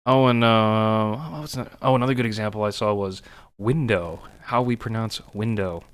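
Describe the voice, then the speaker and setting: Low-voiced rambling man from Texas. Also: normal speed. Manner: rambling, hesitant, many ums and restarts. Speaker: gameplay commentator. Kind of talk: casual chat over gameplay. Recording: steady noise and game sounds behind.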